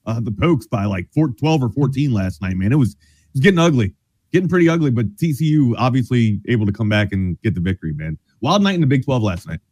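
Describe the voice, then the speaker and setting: Excitable male caller, swoopy lively pitch, dry close mic. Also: fast talker, no echo. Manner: excitable, joking, laughs easily. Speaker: caller guest. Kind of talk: casual sports radio banter.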